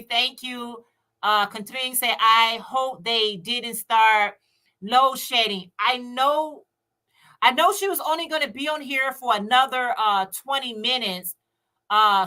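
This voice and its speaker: A woman from Chicago, in the United States, fills in as co-host on a livestream, chatting in a relaxed, unhurried way as she reads viewer comments. Her bright voice sits a little high, and she laughs often while talking to viewers directly.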